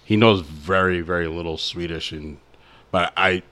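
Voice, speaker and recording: A man with a very low voice that still rings bright and forceful. He talks haltingly in casual conversation, pausing on fillers. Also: steady tone, no room sound. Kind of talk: casual chat.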